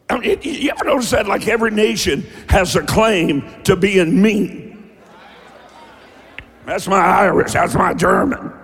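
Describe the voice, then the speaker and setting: A man preaching a sermon, emphatic and folksy, often breaking into shouts. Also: sits high, gravelly, breathy edge, long reverb tail. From rural American South. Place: church.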